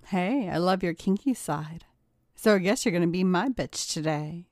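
A woman's voice: fairly low pitch, lively intonation, moderate pace, a little mellow, dry recording, studio quality, natural voice. A woman voicing a flirtatious woman who speaks in a seductive, cooing tone.

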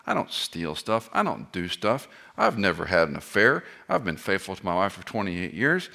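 A middle-aged man preaching a sermon, impassioned, swinging between loud cries and hushed tones, with self-deprecating asides. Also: lowish voice, vocal fry. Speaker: pastor.

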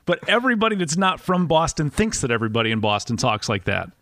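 Man, podcast host, neutral broadcast delivery, upbeat, playful, fairly high pitch. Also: sing-song, quick pace, fairly bright tone, no echo, studio quality. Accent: none, neutral broadcast. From Wisconsin. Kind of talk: casual interview.

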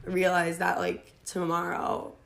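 A woman's voice: lowish voice, monotone, takes it slowly, creaky, a bit bright. A young woman talking as a guest in a casual, heartfelt chat, with lots of "like" fillers. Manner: heartfelt, says "like" a lot.

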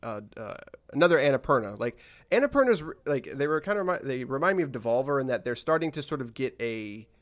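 A man's voice: medium pitch, sing-song, quick pace, hardly any pauses. A man hosting a casual podcast about games, rambling with frequent restarts and trailing-off asides. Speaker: podcast host.

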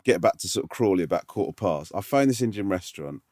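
A man's voice: sits low, expressive, quick pace, a little mellow, no echo, studio quality. A man co-hosting a podcast in casual chat, teasing and often restarting his sentences. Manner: chatty, teasing, stumbling restarts. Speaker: podcast co-host.

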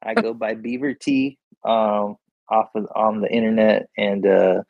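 A man's voice: fairly low pitch, level tone, unhurried, vocal fry, dry recording, highs cut off. A man from Arizona, a podcast guest, talking in a laid-back, jokey way and laughing a lot. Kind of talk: casual podcast chat.

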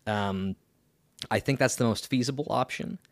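A young man co-hosting a podcast, chatting casually in a rambling, halting way with lots of fillers and restarts. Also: mid-range voice, dry recording. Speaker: podcast co-host. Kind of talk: casual chat.

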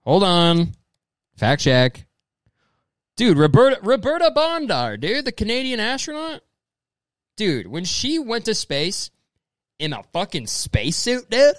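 A man's voice: fairly high pitch, wildly swooping pitch, a little slow, pauses often, clear, resonant tone, dry recording. A young man hosting casual comedic commentary, reading messages aloud and riffing on them in a profane, rambling way, often putting on mocking voices. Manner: profane, rambling, says "dude" constantly; mocking, slips into exaggerated quoted voices.

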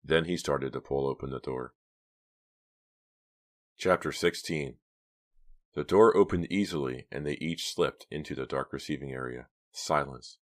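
A man narrating a novel as an audiobook, in a measured, hushed storytelling manner. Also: very deep voice. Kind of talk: scripted narration.

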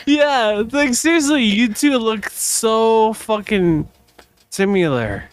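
A man's voice: high voice, expressive, slow pace, clean tone, no echo. A drunk man co-hosting a podcast, rambling and repeating himself with bursts of laughter. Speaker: podcast co-host. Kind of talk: casual chat.

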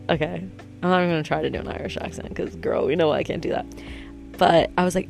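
A young woman with a notably low voice, rambling through a story with lots of fillers and wry jabs at herself. Faint music plays behind her. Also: fairly even intonation, a little fast, gravelly, darkish tone. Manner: chatty, filler-heavy, self-mocking. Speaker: vlogger. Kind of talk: casual storytelling monologue.

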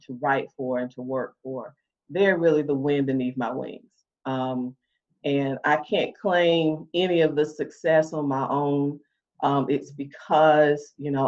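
A middle-aged woman, a guest on a podcast interview, who talks about her work with frequent laughs and many fillers. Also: deep voice. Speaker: guest, writing consultant. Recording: dull lo-fi audio.

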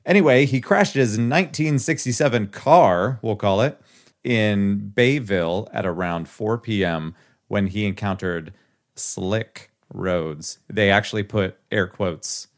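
Male podcast co-host, lowish voice, reads news with dry asides in casual chat. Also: unhurried. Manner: wry, reads an article aloud with asides.

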